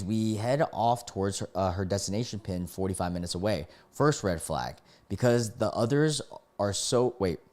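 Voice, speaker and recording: A man's voice: fairly low pitch, a little mellow. A man streaming live, reading stories aloud and breaking off to react and greet his chat.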